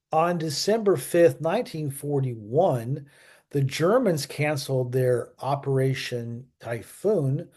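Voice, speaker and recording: A man's voice: medium pitch, a little mellow. Rambling man chatting about history. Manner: rambling, many fillers and self-corrections; chatty, asks viewers to subscribe. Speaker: history channel host. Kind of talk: casual unscripted history talk.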